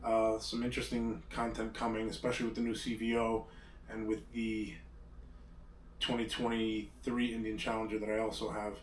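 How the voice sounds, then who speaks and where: A man's voice: on the low side, monotone, normal speed. Male host, rambling casual talker, sits back from the mic in a roomy space. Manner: rambling, hesitant, restarts often. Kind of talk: casual chat. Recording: roomy echo, distant mic, faint background hum.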